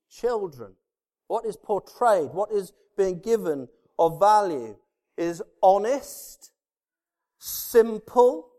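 Man preaching, high voice, big echoey hall, repeats words for punch, goes loud then quiet. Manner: emphatic, repeats key words, swings between loud and hushed. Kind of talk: sermon. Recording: long reverb of a large hall.

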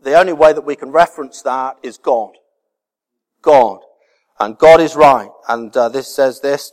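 A man's voice: medium pitch, unhurried, darkish tone. A man preaching a sermon as pastor, earnest and repeating key words for emphasis. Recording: reverberant hall.

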